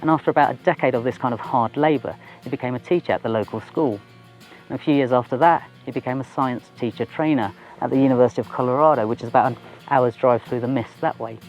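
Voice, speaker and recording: Man, science teacher, documentary presenter, chatty and informal, mid-pitched voice, faint music behind. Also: quick pace, dull audio. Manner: chatty, informal, self-deprecating. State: a bit out of breath. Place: outdoors on a mountain top.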